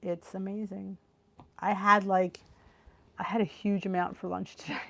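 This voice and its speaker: A woman's voice: mid-range voice, normal speed, gravelly. Chatty middle-aged woman on a live stream. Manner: chatty and excitable, gasps and trails off mid-thought. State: tired, yawning from the heat. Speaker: host of a live cooking stream. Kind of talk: casual live-stream chat, reading viewer comments. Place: home, on a video call. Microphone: computer on a video call.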